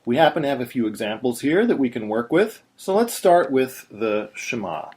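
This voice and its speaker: A man's voice: medium pitch, big pitch swings, moderate pace, a little mellow. Patient man explaining step by step. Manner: patient, explanatory, breaks into short sung syllables. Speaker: teacher. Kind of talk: screen-recorded tutorial.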